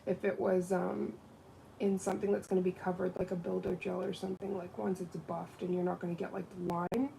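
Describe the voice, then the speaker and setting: A woman's voice: fairly low pitch, brisk, creaky, slight background noise, rough recording. A woman doing nails and chatting casually on a livestream while she works. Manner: chatty, with lively quoted voices. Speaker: nail technician.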